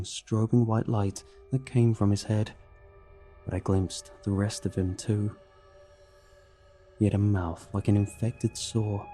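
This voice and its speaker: A man narrating a horror story in a steady, dramatic scripted reading. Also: on the low side.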